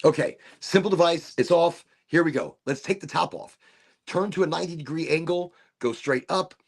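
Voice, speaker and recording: A man's voice: fairly high pitch, moderate pace, husky. A middle-aged man casually demonstrating a vaporizer on a livestream, playful and prone to silly asides.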